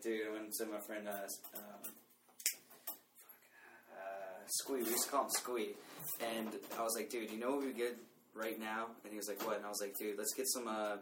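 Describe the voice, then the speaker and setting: A young man telling a party prank story in casual chat, rambling with lots of fillers and swearing. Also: on the low side. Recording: echoey room, far from mic, noisy.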